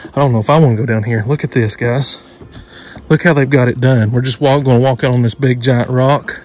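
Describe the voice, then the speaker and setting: Excited man filming outdoors. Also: medium pitch, a little fast. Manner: excited, points things out to viewers. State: out of breath. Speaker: vlogger. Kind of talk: casual hiking vlog narration. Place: outdoors at rocky overlooks. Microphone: handheld camera.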